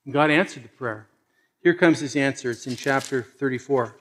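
A man preaching a sermon, animated, acting out quoted voices and swinging from loud emphasis to hushed, intimate lines. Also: mid-range voice, moderate pace, slight background noise. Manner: acts out quoted voices conversationally. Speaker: pastor.

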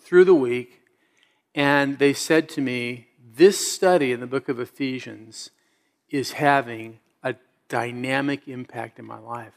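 A man's voice: medium pitch, a little slow, creaky. A middle-aged man preaching a sermon as a pastor, telling stories in a conversational way and building to emphatic exhortations.

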